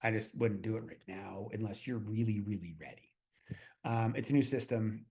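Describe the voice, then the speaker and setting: A man's voice: on the low side, moderate pace, warm tone. A man from Canada presenting a webinar as a consultant, with a casual, chatty delivery full of fillers and asides.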